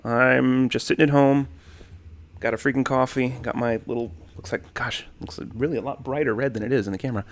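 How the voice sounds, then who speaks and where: On a desk condenser mic at home, a young man of medium pitch runs a relaxed livestream chat, talking fairly quickly with no echo. He reads through comments, calls out viewers by name, and moves between easygoing and animated.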